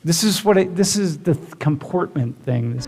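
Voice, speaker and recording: A male professor lectures his class in a rambling, animated way, dropping "like" into nearly every phrase. His voice sits high for a man. The sound rings with the long reverb of a large lecture hall. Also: moderate pace. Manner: animated, rambling, many "like" fillers. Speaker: university professor.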